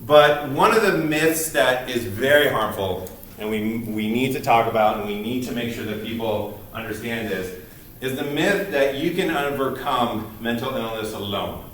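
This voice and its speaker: A man's voice: mid-range voice, normal speed, a bit bright, a little hiss or hum. A man giving a recorded university lecture, speaking earnestly and emphatically with frequent restarts. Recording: distant mic in an echoey room.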